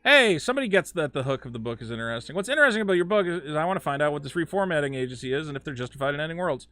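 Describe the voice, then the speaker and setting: A man talking on a live game stream, swinging his fairly high voice up and down with plenty of life. His tone is bright and forceful, and the sound is close and dry. He gets excitable, tripping over restarts and swearing freely. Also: racing, no echo. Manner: excitable, stammering, swears a lot. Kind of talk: casual live-stream chat while gaming.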